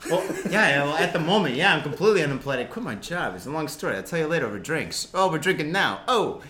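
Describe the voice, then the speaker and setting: A man hosting a casual podcast who jokes, rambles and swears freely. His voice is bright and a little high. He is recorded in an echoey room with a faint hiss underneath. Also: sing-song, fast talker. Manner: joking, rambling, swears freely, laughs a lot. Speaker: podcast host.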